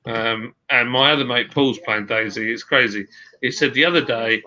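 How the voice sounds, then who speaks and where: A man's voice: medium pitch, normal speed, bright, forceful tone. A man hosting a casual livestream chat, reading viewer comments aloud in a chatty way. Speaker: host. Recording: dull lo-fi stream audio.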